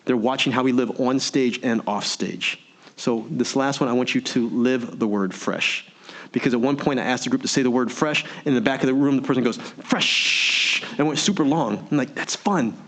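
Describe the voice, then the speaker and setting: A man giving an energetic motivational keynote, full of rhetorical questions and audience prompts. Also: mid-range voice, brisk. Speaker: motivational speaker. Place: virtual meeting event.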